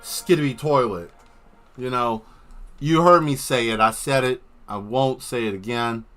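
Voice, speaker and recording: A man rambles through a loose, joking livestream rant and breaks into laughter at his own lines. His voice is bright and forward at a middling pitch. Faint music runs underneath. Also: a little slow. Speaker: livestreaming artist.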